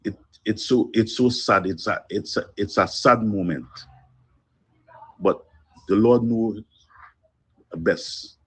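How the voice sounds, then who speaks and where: A man leaving a phone voice note of condolence, slow, heavy and earnest, with pauses. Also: fairly low pitch, breathy edge. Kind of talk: emotional condolence message.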